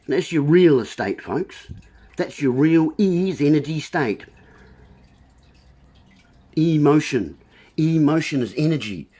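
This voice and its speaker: A man, his voice a bit husky and pitched slightly high. He rambles through a livestream monologue, swinging up and down in pitch as he chains puns together and calls out to his listeners as folks. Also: mellow. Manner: meandering, punning wordplay, addresses listeners as folks. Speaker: livestream host.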